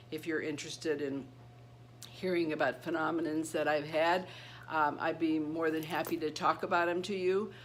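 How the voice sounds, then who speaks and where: A middle-aged woman telling a personal story to her channel. She speaks earnestly and haltingly, with many restarts and repeated words. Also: deep voice, a little hiss or hum. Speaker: channel host.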